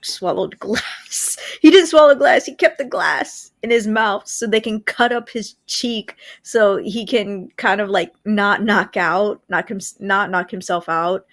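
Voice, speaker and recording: A woman co-hosting a casual podcast chat, laughing often and correcting herself mid-sentence. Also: mid-range voice. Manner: chatty, laughs, quick self-corrections. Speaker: podcast co-host.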